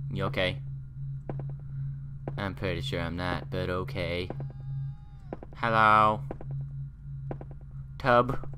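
A man's voice: low-pitched, extremely slow, long pauses, background noise. A man doing casual horror game commentary, joking around, talking to objects in the game and yelping when startled. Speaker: gameplay commentator.

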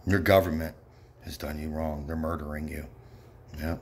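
A man's voice: extremely low pitch, flat delivery, moderate pace, slight background noise. A man delivering an angry, rambling monologue, bitter and profane, with frequent muttered asides. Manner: bitter, profane, ranting with repeated yeps.

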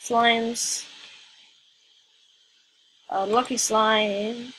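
Bright-voiced woman rambling through a game. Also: a little high, little pitch movement, extremely slow, a little hiss or hum, poor audio. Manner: rambling, questions herself aloud. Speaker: gaming video creator. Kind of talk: casual let's-play commentary.

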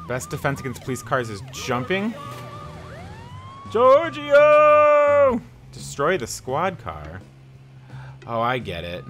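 A man giving playful, casual let's play commentary, reacting loudly and joking along with the game. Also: medium pitch, huge pitch swings, normal speed, a little hiss or hum. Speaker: gaming YouTuber.

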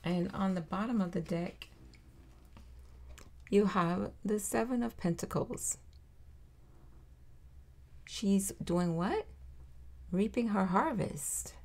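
Slow, mellow-voiced woman tarot reader. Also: medium pitch. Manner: encouraging, repeats reassurances, addresses viewer directly. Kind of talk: tarot reading to viewers.

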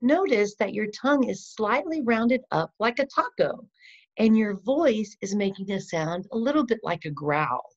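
A woman teaching a phonics lesson to children, patient and encouraging, modeling each sound slowly. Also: medium pitch, expressive. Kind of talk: slow instructional lesson for children. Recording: dull lo-fi sound.

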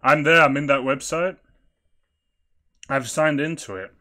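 A man's voice: fairly high pitch, measured pace, bright, forceful tone. A man making a prank call over voice chat, feigning whiny panic and confusion in an overacted way.

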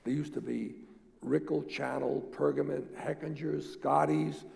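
An older man, a guest at a public talk, telling lively business stories and acting out the dialogue. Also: a little high, a little slow, vocal fry. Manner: animated storyteller, acts out quoted dialogue. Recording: echoey hall.

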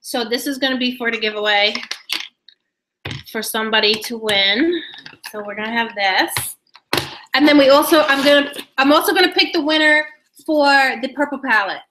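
A young woman hosting a casual live beauty giveaway stream, chatting excitedly with viewers, laughing often and trailing off mid-sentence. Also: sits high, moderate pace, a little hiss or hum, poor audio. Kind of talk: casual live-stream chat reading comments.

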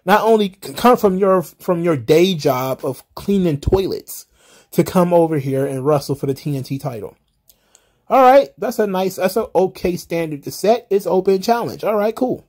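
A man's voice: sits high, lively intonation, normal speed, a little mellow. A man hosting casual solo wrestling recap commentary, rambling and wry, often exasperated, with the odd swear.

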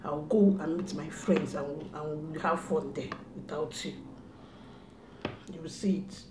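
A woman's voice: low-pitched, steady tone, measured pace, roomy sound, background noise. A young woman, speaking to her son at home in a scolding, repetitive way as part of a prank. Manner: scolding and repetitive, mock-stern. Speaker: mother and vlogger. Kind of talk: casual family prank talk.

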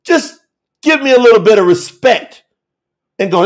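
A man preaching fiery and emphatic to a telethon audience as a scripture teacher, repeating phrases and shouting at times. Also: high voice, expressive, normal speed.

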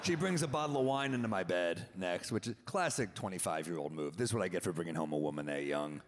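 A lowish-voiced man in his thirties delivers stand-up on a stage mic, dry and deadpan, voicing both sides of the conversations himself. The sound carries a long theater reverb. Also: fast. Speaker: stand-up comedian. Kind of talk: stand-up set. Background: audience laughter.

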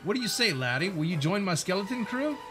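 A swaggering, mocking skeleton pirate, put on by a man with a put-on British pirate accent. The voice sits high and bounces lively up and down as he teases. Game music plays steadily behind. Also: fast. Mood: jovial. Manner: teasing, swaggering. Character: cocky male skeleton pirate sailor, gruff and mocking.

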